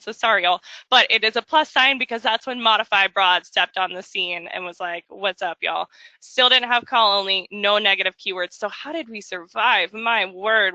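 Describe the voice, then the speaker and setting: A woman presenting a marketing webinar in a jokey, chatty way, slipping into quick voices for asides. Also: mid-range voice, pushed and bright, no echo. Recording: dull, dry lo-fi audio.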